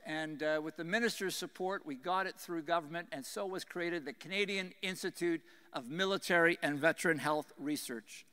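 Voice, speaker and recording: A middle-aged man with a faint Texan twang gives an earnest speech to an audience, his voice high and bright. He sounds smooth and clear, leaning hard into key points, then dropping quiet and intense. A long reverb trails behind him in a big hall. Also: normal speed. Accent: slight Texan twang. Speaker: former senior military commander giving a speech.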